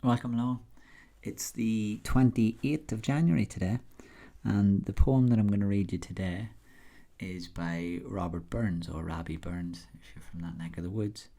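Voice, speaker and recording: A man's voice: fairly low pitch, normal speed. A man casually introducing a classic poem, then reciting it with an attempted Scots accent. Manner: tries a Scots accent when reading the verse; chatty, relaxed introduction. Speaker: poetry reader.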